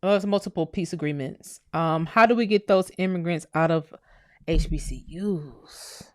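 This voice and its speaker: A woman's voice: on the low side, moderate pace, no echo, studio quality. A woman hosting a casual livestream, reading viewer comments aloud and talking back bluntly, with plenty of swearing. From United States. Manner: blunt, animated, swears freely, addresses viewers as y'all. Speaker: livestream host.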